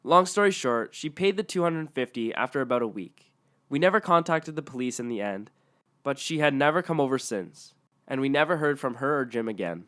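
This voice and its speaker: A man's voice: medium pitch, expressive, brisk, a bit bright. A man narrating online stories aloud in a matter-of-fact way.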